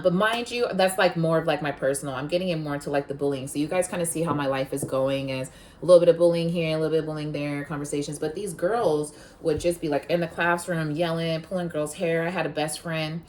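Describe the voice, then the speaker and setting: A woman's voice: sits low, slight background noise. A woman hosting a podcast, telling personal stories in a blunt, frank way, cursing freely and peppering her talk with "like.". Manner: heated and emphatic when retelling conflict; rambling with many filler "like"s. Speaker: podcast host. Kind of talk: casual confessional storytelling.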